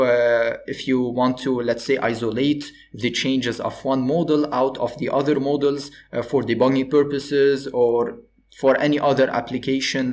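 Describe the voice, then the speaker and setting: Hesitant man explaining software. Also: medium pitch. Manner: hesitant, many fillers, explains step by step. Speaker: robotics instructor. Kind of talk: screen-recorded software tutorial.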